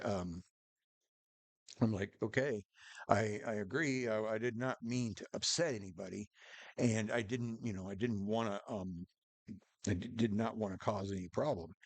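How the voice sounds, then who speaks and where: A man's voice: fairly low pitch, no room sound. A man telling a true story in a casual, rambling way, restarting sentences and acting out what people said. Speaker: storyteller vlogger.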